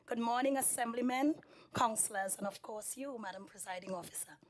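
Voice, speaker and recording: Woman, strained voice, slightly high pitch, oratorical ceremonial address, chamber podium mic. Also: a little fast, a crowd in the background, poor audio. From Trinidad and Tobago. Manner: oratorical, emphatic, addresses the room with questions. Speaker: education secretary giving remarks. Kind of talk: formal ceremonial speech to students. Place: legislative chamber.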